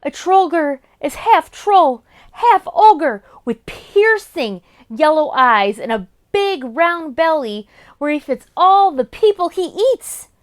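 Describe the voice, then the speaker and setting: A woman's voice: high voice, very animated, slow, exaggerated voice. A woman voicing a frightened young boy on the run, with a trembling, panicky way of talking. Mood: scared.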